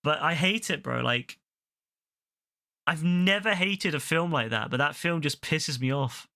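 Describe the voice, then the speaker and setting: Bright-voiced man ranting. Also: fairly high pitch, measured pace. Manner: heated, profane, repetitive ranting. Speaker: streamer. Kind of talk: casual rant while gaming.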